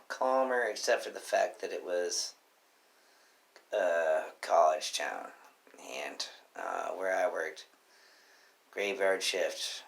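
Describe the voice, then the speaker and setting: A young man telling a personal story in a casual, rambling way, swearing often and filling pauses. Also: low voice, creaky. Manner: profane, rambling, full of fillers.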